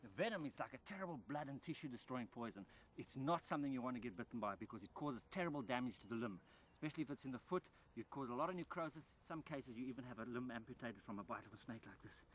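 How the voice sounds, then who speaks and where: A wildlife documentary presenter speaks fast in a mid-range voice from the rice fields, with slight background noise. Excited and animated, he lowers to a hushed tone close to the animal.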